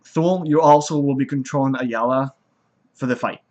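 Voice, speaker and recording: A man narrating as game master, chatty and lively. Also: mid-range voice, normal speed, muffled recording, very noisy. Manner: lively, chatty, laughing at himself.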